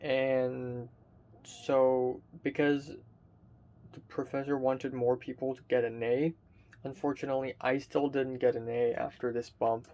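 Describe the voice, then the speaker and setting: A sleepy, tired young man, a college student, rambling in a halting casual video diary with frequent fillers and swearing, filmed by himself in his bedroom. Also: mid-range voice, level tone, darkish tone. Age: young adult. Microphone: self-filmed camera.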